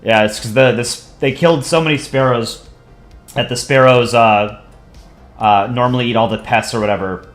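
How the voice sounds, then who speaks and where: A man casually chatting with viewers on a live drawing stream, relaxed and rambling. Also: medium pitch, moderate pace. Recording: echoey room with faint music.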